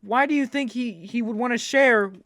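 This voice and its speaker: A host reacts to a video clip with indignant, profane rants. The voice sits at a middle pitch and is recorded dry and close, with no room sound around it. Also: moderate pace, a bit bright, no echo.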